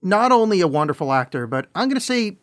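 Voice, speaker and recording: A man co-hosting a podcast in casual chat, rambling and excitable, with some swearing. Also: sits high, quick pace. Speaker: podcast co-host.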